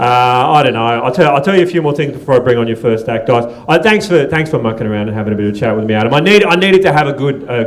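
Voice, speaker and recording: An Australian man hosting a stand-up comedy night, loose and profane, teasing the audience and laughing between lines. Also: medium pitch. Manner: loose, swearing, teasing the crowd, laughing often. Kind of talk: stand-up crowd work. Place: comedy club stage.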